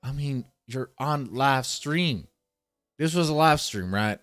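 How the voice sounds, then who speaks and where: Male streamer, lively swinging pitch, profane, mocking, ranting commentary. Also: slow, faint music behind. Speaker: streamer reacting to a video. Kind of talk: casual live-stream commentary.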